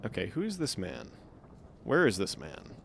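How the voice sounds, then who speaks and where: A man's voice: fairly low pitch, wildly swooping pitch, moderate pace, vocal fry, a bit bright, slight background noise. A man casually commenting on his gameplay during a live stream, wry and swearing when startled.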